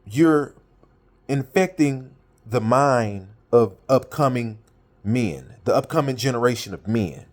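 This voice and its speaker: Man telling a story in casual street talk. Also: mid-range voice. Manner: animated storytelling with colloquial speech, quoting friends. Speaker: motivational talker. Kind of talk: casual monologue.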